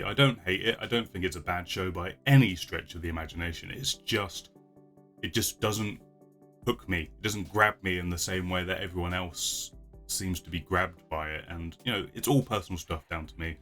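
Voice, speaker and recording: Casual male vlogger, deep and bright-toned, talks in loose rambling asides. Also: fairly quick, faint music behind. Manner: chatty, rambling with frequent restarts and laughs. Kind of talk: casual chat.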